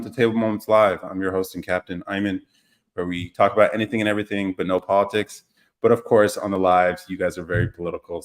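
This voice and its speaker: A young man with a low voice hosts a casual live podcast, rambling through stories in a loose, joking way. He teases viewers, reads their comments aloud, and reacts with easy, frequent laughter.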